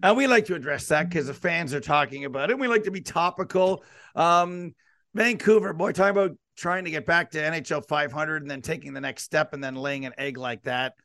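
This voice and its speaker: A man's voice: a little high, brisk, fairly bright tone, no room sound, studio quality. A man hosting a casual sports podcast, asking long, rambling, leading questions. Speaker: podcast and radio host.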